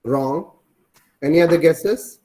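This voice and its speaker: A man's voice: fairly high pitch, slow pace, dark tone. A man teaching an online class over a video call, repeating his points and quizzing the students.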